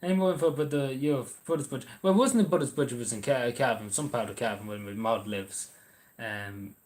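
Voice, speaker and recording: On a livestream, an Irish man answers viewers' messages casually, rambling and hesitating with lots of ums and restarts. His voice is medium-pitched, slightly mellow, and quick.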